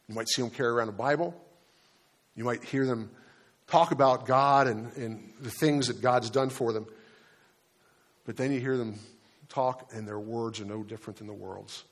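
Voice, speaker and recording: A man preaching a sermon in a relaxed, conversational way, with frequent fillers and repeated words. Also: medium pitch. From Delaware, United States. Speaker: pastor.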